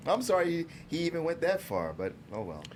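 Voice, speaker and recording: A man's voice: fairly high pitch, wildly swooping pitch, a little fast, slight background noise. A man co-hosting a podcast, chiming in with short reactions and quips in casual chat. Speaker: podcast co-host.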